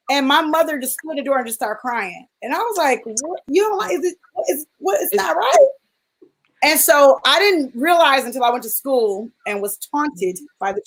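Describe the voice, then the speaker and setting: A woman's voice: high-pitched, fairly bright tone, low-quality recording. A woman in a casual panel chat, telling a personal story with feeling and acting out the voices of people in it.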